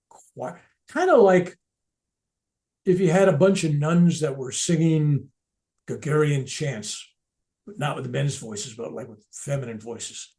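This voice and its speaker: A man's voice: a little high, dark tone. An older man, a reverend, giving an earnest, reflective talk as he tells a personal spiritual story to an audience. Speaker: reverend and speaker at a veterans event.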